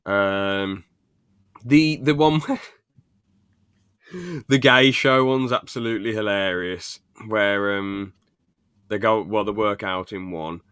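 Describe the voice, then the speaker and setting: A man's voice: on the low side, slow, long pauses, fairly bright tone, smooth, no room sound, clean studio sound. A young man co-hosting a podcast, rambling through sitcom scenes and laughing as he retells them. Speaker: podcast co-host. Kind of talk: casual chat recapping a sitcom.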